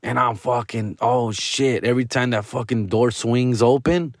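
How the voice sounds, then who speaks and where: A young man rambles through a comedic story, full of profanity and Spanish slang. His voice is mid-pitched and sounds close and dry. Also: normal speed, no echo. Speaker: podcast host.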